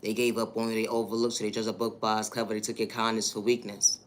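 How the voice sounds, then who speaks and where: A man's voice: on the low side, level tone, fast. A man hosting a livestream and speaking a motivational monologue, with affirming lines and repeated catchphrases. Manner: repetitive, affirming, rhythmic catchphrases. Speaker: livestream host.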